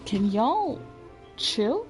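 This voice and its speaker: A woman's voice: fairly high pitch, big pitch swings, very slow. A woman streamer reading role-playing game dialogue aloud, with playful asides. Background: faint game music.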